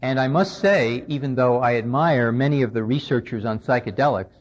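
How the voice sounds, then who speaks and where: Speaking fairly quickly in a medium pitch, a man delivers a conversational lecture in which he recounts a conversation with emphasis. The audio is an old radio recording from the 1990s, dull and lo-fi.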